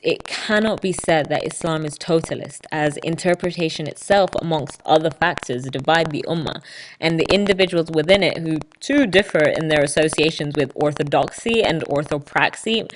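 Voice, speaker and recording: A woman's voice: low-pitched, normal speed, a little hiss or hum, low-quality recording. A woman hosting a solo podcast, talking through prepared notes in an explanatory, lecture-like way with dry ironic asides. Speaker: podcast host.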